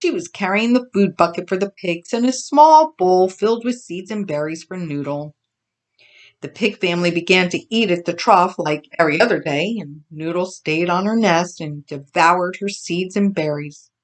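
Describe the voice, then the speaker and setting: A woman reading a children's farm story aloud, expressive and gentle. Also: lowish voice, moderate pace. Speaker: storybook reader.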